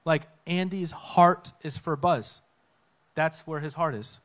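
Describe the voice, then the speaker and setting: A man giving a conversational sermon talk on a church stage, telling a story with lively acted-out quotes. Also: fairly high pitch, slow. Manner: animated storytelling, acts out quotes. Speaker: guest speaker.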